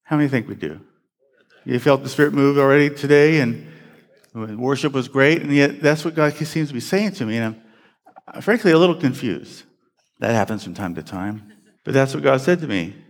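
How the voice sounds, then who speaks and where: A man pastor delivers a sermon in a loose, conversational way, restarting phrases and turning to the room with questions. His voice sits at an ordinary middle pitch. The sound carries a long reverb, as in a large church sanctuary. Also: moderate pace. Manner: animated, conversational preaching with frequent restarts and audience questions.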